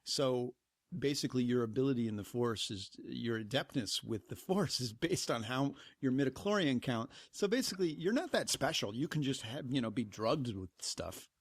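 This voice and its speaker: A man co-hosting a movie podcast in casual chat, animated and profane. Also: mid-range voice, moderate pace, dry recording. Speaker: podcast co-host.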